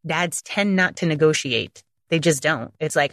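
A woman's voice: deep voice, normal speed, hardly any pauses, fairly bright tone, dry recording. A middle-aged woman hosting a parenting podcast, giving blunt, emphatic advice in a casual monologue. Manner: direct, blunt, emphatic with repetition.

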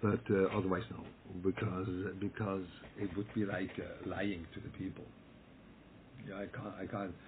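A rabbi with a fairly low voice teaches a Torah lesson, hammering each point and repeating words as he fields his listeners' questions. He checks in often with "yeah?" and "okay?". The audio is thin and phone-like, with a faint hiss underneath.

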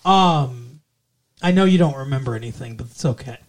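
A man co-hosting a podcast in casual chat, animated and slipping into the characters' lines as he retells scenes. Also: mid-range voice, normal speed. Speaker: podcast co-host. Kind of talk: casual movie-review chat.

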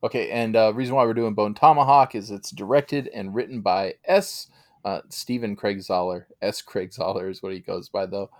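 A man's voice: lowish voice, moderate pace. A man co-hosting a casual sports podcast, laid-back and joking. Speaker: podcast co-host.

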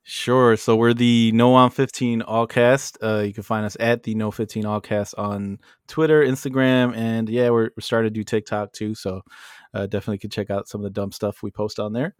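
Easygoing male podcast guest, lower voice, dry sound, casual with fillers. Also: steady tone, moderate pace, smooth, no echo. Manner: easygoing, laughs often, many fillers. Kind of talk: casual chat.

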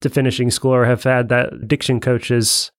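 A man's voice: medium pitch, little pitch movement, moderate pace, no room sound, studio quality. A man co-hosting a casual film discussion, adding chatty asides.

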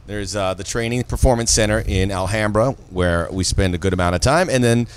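A man's voice: on the low side, brisk, a little hiss or hum. A middle-aged man co-hosting a casual podcast from an office building, with a jokey, upbeat delivery. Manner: jokey, hypey intro delivery. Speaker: podcast co-host. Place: office building, top floor.

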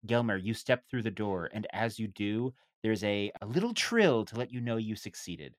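A man's voice: fairly low pitch, lively intonation, normal speed, dry recording, studio quality. A man narrating a comedy tabletop game as the game master.

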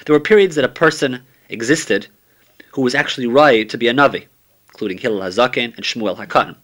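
A man's voice: mid-range voice, brisk, a bit bright. A man teaching a summary of a Talmud page, reading steadily and using many Hebrew and Aramaic terms.

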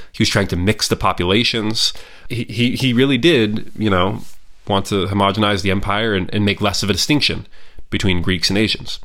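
A man's voice: on the low side, fairly bright tone. A man giving a casual, opinionated spoken review of a historical film, talking freely with frequent restarts and asides. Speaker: history commentator.

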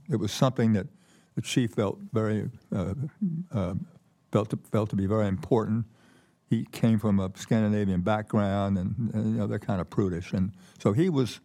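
An older man, a keynote guest, telling stories in a relaxed conversational way, often repeating words and pausing with fillers. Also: on the low side. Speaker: keynote guest, former ambassador. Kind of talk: conversational storytelling. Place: conference stage with audience.

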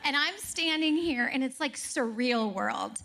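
A woman speaking on a stage before a live audience, telling animated stories and laughing as she talks to the crowd. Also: high-pitched, a little slow, creaky.

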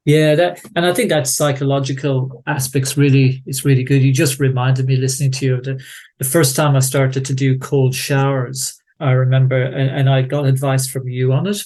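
A man with an Irish accent, a guest researcher on a podcast, speaking in a measured, reflective way with frequent restarts. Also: medium pitch, little pitch movement, a little mellow. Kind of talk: casual conversational interview.

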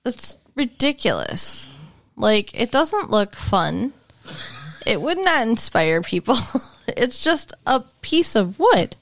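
A woman's voice: a little high, big pitch swings, slow, a bit bright. A woman co-hosting a podcast, chatting casually and wryly about a TV episode. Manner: conversational, wry, lots of fillers. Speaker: podcast co-host. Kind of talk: casual chat recapping a TV episode.

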